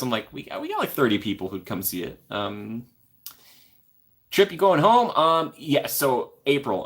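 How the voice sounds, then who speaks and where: A man's voice: fairly low pitch, a bit bright. Friendly young man chatting on a stream. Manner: friendly, rambling, reads viewer comments aloud. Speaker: live streamer. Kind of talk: casual live stream chat. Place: corner of an apartment.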